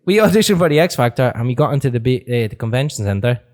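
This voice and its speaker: A young man, an animated storyteller who swears freely and laughs a lot while chatting as a podcast guest. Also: medium pitch, fast. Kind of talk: casual chat.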